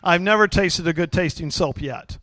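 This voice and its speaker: A man's voice: high-pitched, normal speed, fairly bright tone, no room sound, studio quality. A middle-aged man preaching a sermon in a folksy, joking way with lots of fillers. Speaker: pastor.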